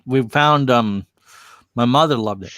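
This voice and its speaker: A man in a casual chat, chiming in with quick quips and his own stories. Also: mid-range voice, a bit bright, dry recording, clean studio sound. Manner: chimes in with quips.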